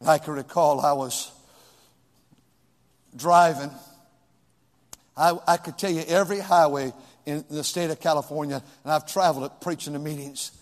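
Man, pastor, sermon, shouts then hushes, high voice, long church reverb. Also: moderate pace, pauses often. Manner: swings from shouted pleas to hushed, near-whispered prayer. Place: church sanctuary.

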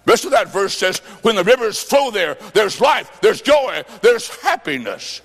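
A man from Illinois preaching a revival sermon, fervent and folksy, breaking into shouts on key phrases. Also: high-pitched, sing-song, unhurried, in a large hall.

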